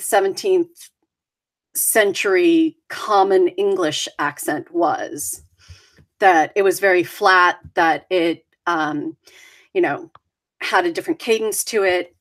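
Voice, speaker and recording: Slow, chatty woman in casual chat. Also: mid-range voice. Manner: chatty, rambling with fillers. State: deaf, hears consonants poorly. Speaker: podcast co-host.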